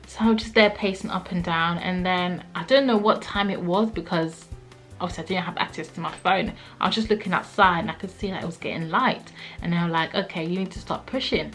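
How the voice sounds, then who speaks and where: A young woman vlogger telling a personal story in a casual, animated way, acting out what people said. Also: lowish voice, fairly quick, soft background music. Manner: animated, acts out quotes, frequent "like".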